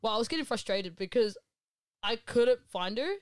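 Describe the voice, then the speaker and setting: A woman's voice: on the high side, animated, normal speed, clean tone, dry recording. A young woman, telling stories in a casual, slangy, chatty way. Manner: chatty storytelling, lots of "like", slangy. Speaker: podcast co-host. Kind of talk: casual chat.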